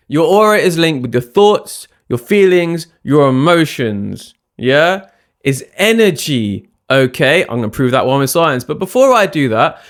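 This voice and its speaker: A man talking straight to camera in a chatty, emphatic vlog, often checking in with a quick "yeah?". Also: a little high. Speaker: spiritual science vlogger. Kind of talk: casual talking-head vlog.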